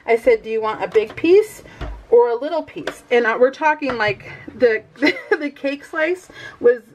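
A middle-aged woman with a slightly high voice chats casually while she works on a scrapbook. She rambles from one aside to the next and laughs often. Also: lively intonation, measured pace, darkish tone, highs cut off, slight background noise. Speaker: scrapbooking vlogger. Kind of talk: casual chat while crafting.

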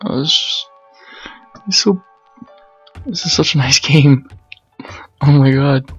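A man doing let's play commentary, excitable, swearing and yelping when startled. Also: a little high, takes it slowly, husky, lo-fi sound, soft background music. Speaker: gamer.

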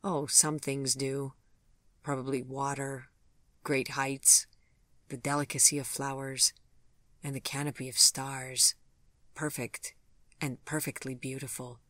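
Tender, refined gentleman, read by the narrator, soft and courtly, mid-pitched and dry. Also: flat delivery, measured pace, long pauses, dry recording. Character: gentle, refined older gentleman who loves elegance.

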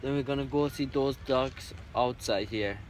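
With slight background noise behind him, a man chats casually and fondly to his pet cockatoo outdoors on a farm, coaxing it and repeating words as he films. His voice is medium-pitched at a normal speed.

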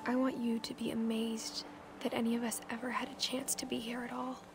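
A hushed, grieving mother. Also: fairly high pitch, flat delivery, brisk, gravelly, noisy background. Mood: wistful. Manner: soft, hushed, wistful reading. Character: grieving mother writing a farewell journal. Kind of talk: narrated journal voice-over. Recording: game voice-over with loud music.

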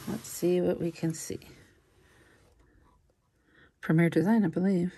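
A woman's voice: on the low side, level tone, slow pace, long pauses, mellow, a little hiss or hum. A woman reseller musing aloud in a casual unboxing commentary, chatty and full of little fillers. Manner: chatty, musing aloud, frequent likes and ums. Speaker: jewelry reseller.

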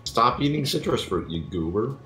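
A man's voice: mid-range voice, sing-song, moderate pace, pushed and bright, roomy sound. A young man chatting playfully on a gaming call, goofy and mock-grand. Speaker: co-player on a stream. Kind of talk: casual gaming chat over voice call.

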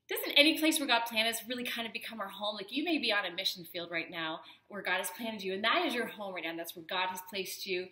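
A bright-voiced woman chats to her camera with a gushing, effusive warmth, now and then dropping into a soft whisper. Her voice sits a little high and rings around a roomy, echoey space. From Canada. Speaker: vlogger. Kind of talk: casual chat to camera.

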